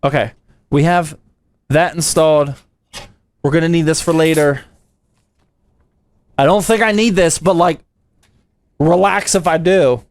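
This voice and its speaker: A young man from the United States streams a PC build, his voice sitting a little high for a man. He keeps it slangy and playful, throwing "dude" and "man" at his chat as he works. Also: unhurried, long pauses, no echo. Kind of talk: casual livestream chat while building a PC.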